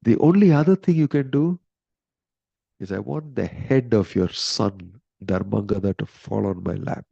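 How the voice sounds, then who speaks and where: A man's voice: lowish voice, unhurried, vocal fry, warm tone, breathy edge, dry recording, dull audio, heavily acted. A man voicing a charming young woman who coaxes and insists persuasively. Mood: insistent. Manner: coaxing, persuasive.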